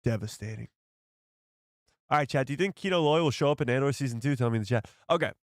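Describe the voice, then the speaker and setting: A man's voice: medium pitch, quick pace, no echo, clean studio sound. A man hosting a casual live stream, chatting to viewers and laughing often.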